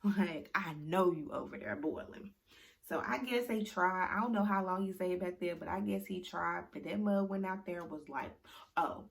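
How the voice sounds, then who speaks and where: A young woman talks through a reality TV episode in loose, slangy casual chat. Her voice sits a little low, and she keeps the story moving with animated asides. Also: normal speed, gravelly. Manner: slangy, animated storytelling with frequent "like" and "you know". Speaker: reality TV recap commentator.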